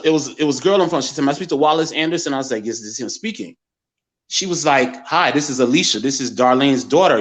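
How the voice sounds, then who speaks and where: A man in his forties from the American Midwest, telling a personal story as a guest and acting out other people's words in lively quotes. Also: mid-range voice. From Gary, Indiana, USA. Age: 40s. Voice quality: animated storyteller who acts out others' words.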